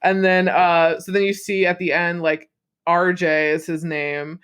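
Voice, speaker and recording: A woman's voice: lowish voice, little pitch movement, a little slow, a bit bright, clear, resonant tone. A woman co-hosting a casual podcast recap. She rambles loosely, fills her talk with fillers and swears freely. She laughs easily as she retells a film scene by scene. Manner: rambling, profane, many fillers, laughs often. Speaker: podcast co-host.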